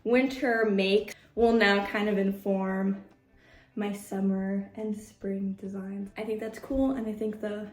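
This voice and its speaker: A woman's voice: medium pitch, level tone, takes it slowly, echoey room. A young woman vlogging casually about her crochet projects, chatty and upbeat, packing her speech with fillers. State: out of breath. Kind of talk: casual chat.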